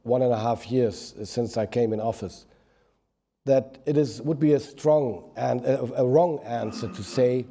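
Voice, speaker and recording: A man's voice: medium pitch, measured pace, warm tone, a little hiss or hum. A middle-aged man with a strong German accent, a native German speaker, answering at a press conference and searching for his words as he goes. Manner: searching for words, restarts phrases. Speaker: government minister.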